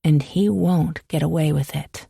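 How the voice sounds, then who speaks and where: A woman voicing a protective young woman friend in an audiobook, speaking firmly, quietly and coldly. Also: sits low, unhurried, creaky, breathy edge, no room sound, clean studio sound, exaggerated voice. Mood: cold fury. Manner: firm, quiet and cold. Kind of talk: audiobook character voice.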